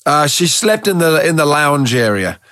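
A man who trains dogs, telling stories in a relaxed, rambling way as a guest in an interview, with a gravelly, husky voice. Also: a little high, moderate pace, no room sound, clean studio sound. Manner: relaxed, rambling, with many restarts. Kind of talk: casual storytelling in a podcast interview.

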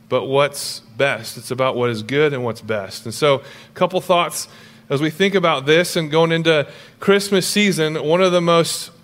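A young man preaching a sermon as pastor, animated and jokey, with quick storytelling asides. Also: mid-range voice, in a large hall.

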